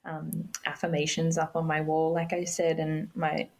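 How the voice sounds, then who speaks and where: A young woman telling a personal story as a podcast guest, unhurried and reflective. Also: low voice, completely flat delivery, darkish tone, poor audio. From Australia.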